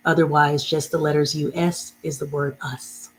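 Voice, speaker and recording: A woman's voice: low-pitched, level tone, normal speed, a little hiss or hum, rough recording. A woman teaching a beginner reading lesson, patiently repeating and spelling out each word.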